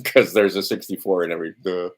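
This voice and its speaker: Low-voiced man rambling on a livestream. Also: steady tone, fast. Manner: meandering, talks to himself while scrolling documents; blunt, swears. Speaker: livestream host. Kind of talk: rambling casual livestream monologue.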